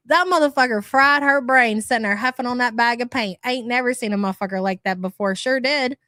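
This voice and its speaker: A woman with a fairly high voice rants bluntly at her livestream chat, swearing freely and laughing often. She sounds dry and close to the microphone, as if at home. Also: brisk, few pauses, pushed and bright, dry recording. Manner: blunt, profane, exasperated ranting. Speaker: livestream host reading chat. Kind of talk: casual livestream rant.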